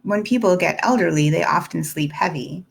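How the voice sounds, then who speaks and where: Composed middle-aged servant woman, prim and even, read by a woman with a low, husky voice. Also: normal speed, exaggerated voice.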